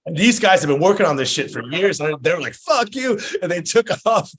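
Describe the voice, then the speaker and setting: A man's voice: on the high side, expressive, a little fast, fairly bright tone. A man guesting on a podcast, chatting casually, laid-back, swearing freely and acting out the voices of people in his stories. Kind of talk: casual chat.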